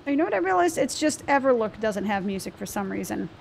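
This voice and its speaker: Chatty, foul-mouthed woman streamer, higher voice. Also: big pitch swings, fast talker, gravelly, a little hiss or hum. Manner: chatty, profane, talks to the game's monsters. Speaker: game streamer. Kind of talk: casual gameplay commentary. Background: game music.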